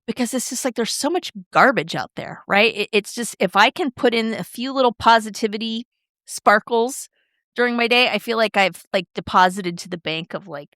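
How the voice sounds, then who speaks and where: A middle-aged woman co-hosting a podcast, chatting casually and expressively with quick shifts in tone. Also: fairly high pitch, fairly bright tone, no room sound, clean studio sound. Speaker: podcast co-host. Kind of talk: casual chat.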